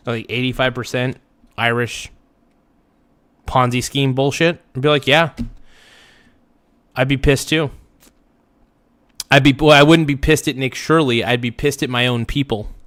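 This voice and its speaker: A man's voice: medium pitch, fairly bright tone, dry recording. A man hosting a livestream reaction, ranting bluntly and emphatically, hammering his points home by repeating them.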